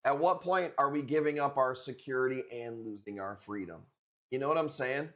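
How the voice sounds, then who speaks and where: A man's voice: mid-range voice, moderate pace, fairly bright tone. A young man hosting a live stream coral auction, chatting casually and cracking crude jokes with viewers. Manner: joking, rambling, crude banter with chat.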